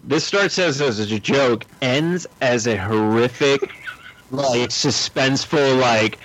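A man co-hosting a casual podcast chat, joking quickly with lots of "like" asides. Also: medium pitch, a bit bright, a little hiss or hum, rough recording.

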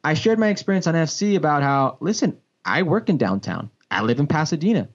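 A man, a sports broadcaster and former pro soccer player, telling a story in a casual podcast chat, with big pitch swings and frequent restarts. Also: very animated, a little fast, breathy edge. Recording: dull lo-fi podcast audio.

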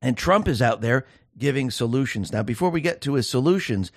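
A man in a solo political commentary, talking emphatically with sarcastic rhetorical questions. His voice sits at an ordinary middle pitch. The sound is close and dry, with no room around it. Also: expressive, brisk, no echo.

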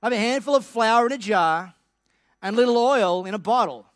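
A man's voice: high-pitched, animated, a little fast, no echo, studio quality. A man voicing a blunt, scolding poor widow. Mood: scornful. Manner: sarcastic, scolding.

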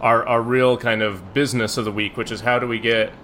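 Man, podcast co-host, bright voice, rambling, jokey, restarts a lot, faint noise. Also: mid-range voice, fairly even intonation, a little fast. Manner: rambling, self-interrupting, jokey. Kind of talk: casual chat.

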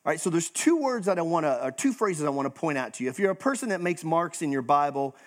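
A male pastor preaching a morning sermon. His voice is high and swoops widely, and he tells the story animatedly, slipping into quick acted-out quotes. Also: lively intonation.

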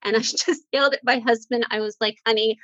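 A woman's voice: a little high, fairly even intonation, fast, fairly bright tone, dry recording, lo-fi sound. A middle-aged woman telling a heartfelt faith story as a guest, breaking into laughter. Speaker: guest author. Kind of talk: emotional faith conversation.

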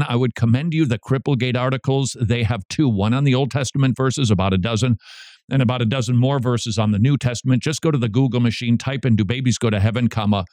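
A man hosting a call-in radio show, answering a caller's question in an emphatic, quick, jokey way. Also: mid-range voice, darkish tone, dry recording, studio quality.

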